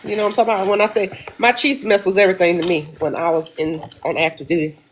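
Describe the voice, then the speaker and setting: A woman's voice: fairly low pitch, level tone, fast, a little hiss or hum. A woman hosting a weekly affirmation livestream, chatting casually and exclaiming, calling her listeners baby.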